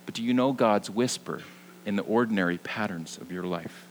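A young man preaching a sermon as pastor, earnest, moving between lively emphasis and hushed, soft passages. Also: lowish voice, normal speed, a little hiss or hum, rough recording.

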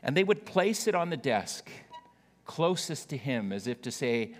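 A man's voice: mid-range voice, sing-song, measured pace, big-room sound. A male pastor preaching a sermon to his church, telling a story with playful asides to the congregation.

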